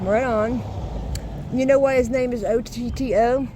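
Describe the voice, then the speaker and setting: A woman's voice: on the high side, fairly even intonation, a little slow, noisy background. Boisterous, salty woman in her sixties. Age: 60s. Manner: laughing, salty, boisterous storyteller. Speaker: vlogger. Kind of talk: casual storytelling. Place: outdoors at her home yard.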